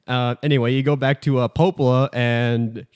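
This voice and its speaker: A man's voice: mid-range voice, steady tone, moderate pace, a little mellow, smooth. A man with a mid-range voice talks through a game's story for his podcast. He rambles, cracks jokes and fills gaps with plenty of "uh" and "like". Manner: rambling, jokey, many fillers. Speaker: podcast host. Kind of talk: casual game recap.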